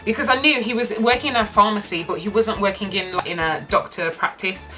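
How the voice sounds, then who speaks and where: A woman's voice: medium pitch, a little fast, over music. A young woman telling a dating story on her vlog, sassy and exasperated as she recounts it. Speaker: vlogger.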